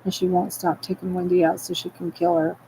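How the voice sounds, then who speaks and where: A woman's voice: fairly low pitch, flat delivery, a little fast, background noise. A tearful woman in a rambling, distressed monologue, agitated and repetitive, swearing as she talks.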